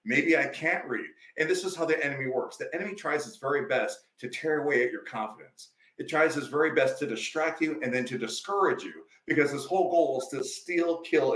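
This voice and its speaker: A man's voice: mid-range voice, fairly bright tone, roomy sound, low-quality recording. A male life coach, a podcast guest, telling stories emphatically in a preachy, conversational way.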